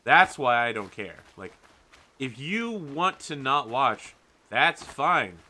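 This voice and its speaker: A man's voice: medium pitch, sing-song, slow, pushed and bright. A man giving exasperated, blunt let's-play commentary while playing a game. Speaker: gaming channel host.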